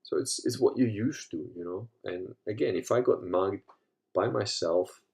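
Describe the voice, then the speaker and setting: A creaky-voiced host in his fifties, from Africa, speaks at normal speed in a casual storytelling monologue. He swears freely and moves between low muttering and animated, loud retellings.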